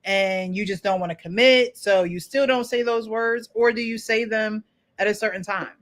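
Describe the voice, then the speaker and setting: A woman's voice: medium pitch, steady tone, moderate pace. A woman hosting a panel in casual chat, playful and teasing, often breaking into laughter. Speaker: panel host.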